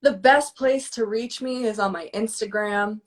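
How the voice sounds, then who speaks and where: A woman around twenty, a singer-songwriter guest, singing her song with guitar and chatting softly. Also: medium pitch, a little slow. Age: 20s. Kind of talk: singing an original song, then casual chat.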